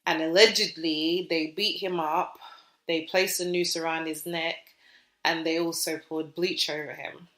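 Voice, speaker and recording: A woman's voice: deep voice, measured pace. Chatty British woman in an echoey room. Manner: chatty, animated storytelling with many fillers. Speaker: podcast co-host. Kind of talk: casual podcast chat.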